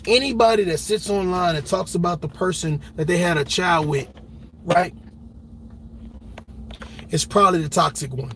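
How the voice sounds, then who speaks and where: A man's voice: high voice, moderate pace, pauses often, fairly bright tone, slight background noise. A man giving a heated reaction commentary, emphatic and blunt, repeating words and swearing freely as he argues. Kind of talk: ranting commentary.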